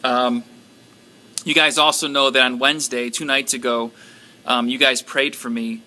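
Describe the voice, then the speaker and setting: A man casually telling his prayer group a testimony, halting and full of ums and likes. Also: medium pitch, flat delivery, bright, forceful tone. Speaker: church member sharing a testimony.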